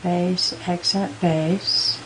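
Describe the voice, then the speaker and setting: A woman giving a patient step-by-step beading tutorial, counting out beads slowly as she works. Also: on the low side, flat delivery, slight background noise, low-quality recording. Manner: patient, counts beads aloud in slow steps. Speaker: beading instructor.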